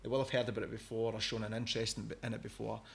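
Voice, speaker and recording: A man's voice: fairly low pitch, level tone, very fast, gravelly. A man with a Scottish accent hosting a podcast, chatting casually and rambling a little as he sets up his questions. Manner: chatty, rambling, laughs easily. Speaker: podcast host. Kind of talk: casual interview chat.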